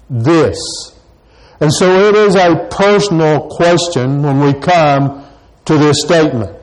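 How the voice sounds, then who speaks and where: A man preaching a sermon, slow and deliberate, pausing to stress key words. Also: on the high side, rough recording. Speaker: pastor.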